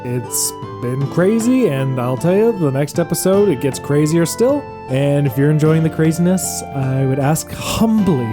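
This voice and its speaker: A man hosting and narrating as dungeon master of a tabletop game podcast, upbeat and playful with a self-mocking tone. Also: on the high side.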